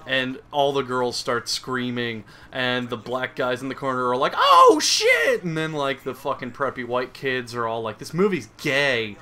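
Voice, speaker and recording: A man's voice: mid-range voice, level tone, normal speed, hardly any pauses, sharp tone, clear, resonant tone. A young man giving crude, sarcastic comedic commentary over gameplay, rambling and mocking as he goes. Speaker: gaming commentator.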